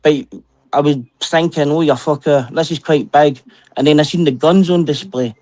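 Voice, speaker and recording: A man's voice: on the high side, normal speed, a little mellow. A man from Scotland with a Scottish accent, bantering in casual chat, joking and swearing freely.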